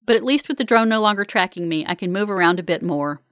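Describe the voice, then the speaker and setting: A woman narrating a first-person novel as an audiobook, in a wry, measured manner. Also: medium pitch, no room sound, studio quality.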